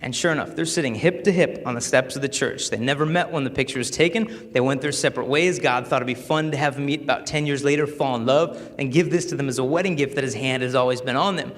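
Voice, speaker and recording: A man in his twenties giving a live talk to an audience, telling stories in a joking, animated way. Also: mid-range voice, quick pace, few pauses. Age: 20s. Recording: long hall reverb.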